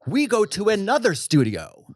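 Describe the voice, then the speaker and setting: Animated man swapping backstage stories. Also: sits high, no room sound, clean studio sound. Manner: animated, swearing, quick asides. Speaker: podcast co-host. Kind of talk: casual chat.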